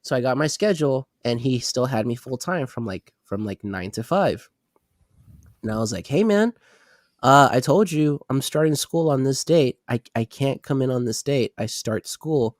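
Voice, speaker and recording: There's no echo in this studio-quality recording of a man co-hosting a podcast, speaking at medium pitch and normal speed. Clearly sick and stuffed up, he rants about something from work, cursing and voicing the quoted lines himself.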